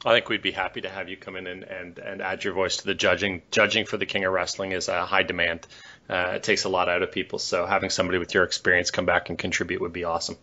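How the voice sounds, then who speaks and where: A man co-hosting a podcast, telling a story in a measured, thoughtful way. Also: low-pitched, flat delivery, pushed and bright, lo-fi sound. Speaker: podcast co-host. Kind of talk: casual podcast chat.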